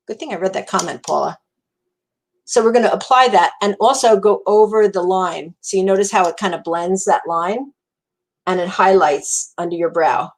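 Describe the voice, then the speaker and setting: A woman's voice: medium pitch, moderate pace, poor audio. A woman with a New Jersey accent giving a live makeup tutorial in a chatty, encouraging way, repeating words for emphasis. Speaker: makeup demonstrator.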